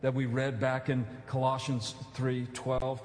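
A man preaching a sermon in a church, his voice ringing out with a long reverberant tail. He builds earnest, emphatic appeals, then slips into relaxed conversational asides. A mid-pitched voice carried through a roomy sanctuary. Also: unhurried, soft background music. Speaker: pastor. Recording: echoey church hall.

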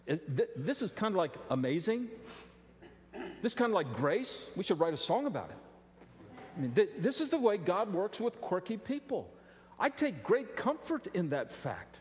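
A middle-aged male pastor preaching a sermon, animated and joking, with frequent restarts. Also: high-pitched, normal speed. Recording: long reverb of a large hall.

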